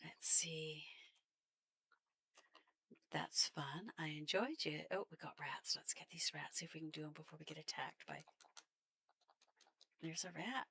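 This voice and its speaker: Canadian woman streamer, low and gravelly, chatty commentary, laughs a lot. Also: steady tone, unhurried, pauses often, bright, forceful tone. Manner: chatty, laughs often, talks to enemies. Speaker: game streamer. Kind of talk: casual gameplay commentary.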